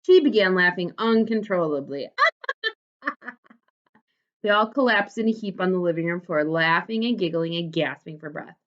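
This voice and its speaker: A teacher, a woman, reads a storybook aloud to young children. Her voice rises and falls in an animated, expressive way. The recording is dull and lo-fi. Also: fairly low pitch, a little fast, few pauses.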